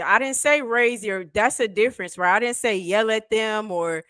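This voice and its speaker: Brief: woman co-host on a live sports stream, high-ish voice, dry close sound, lively and teasing. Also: normal speed, hardly any pauses, dry recording. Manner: animated, laughs often, teasing. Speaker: sports talk show co-host. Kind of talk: casual live-stream chat.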